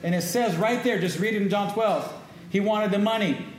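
Slightly high-voiced pastor preaching casually. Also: male voice, moderate pace. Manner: conversational preaching, call-and-response asides. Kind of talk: sermon. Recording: echoey room with faint ambience.

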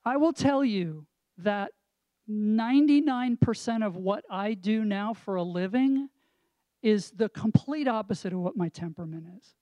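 Mellow-voiced man explaining with examples. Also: sits high, a little slow, dry recording, muffled recording. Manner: reflective, explains with examples and rhetorical questions. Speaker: co-host and marriage counselor. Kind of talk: casual chat with a pastoral tone.

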